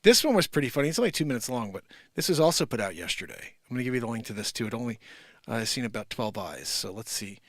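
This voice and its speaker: A man's voice: medium pitch, very animated, fast talker, fairly bright tone, no room sound, studio quality. A man hosting a comedy news show, rambling animatedly and laughing at his own bits. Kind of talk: casual comedic commentary.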